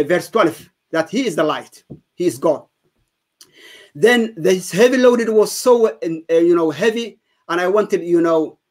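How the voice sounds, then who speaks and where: A man, giving an earnest, emphatic personal testimony as an interview guest. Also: high voice. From Somalia.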